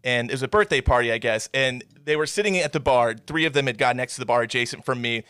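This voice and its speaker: A man's voice: medium pitch, fast talker, bright, forceful tone, clear, resonant tone, dry recording, clean studio sound. A man hosting a casual podcast with friends, telling stories with lots of swearing and repeated stammers. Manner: rambling, profane, stammers and does silly voices. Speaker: podcast host. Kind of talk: casual chat.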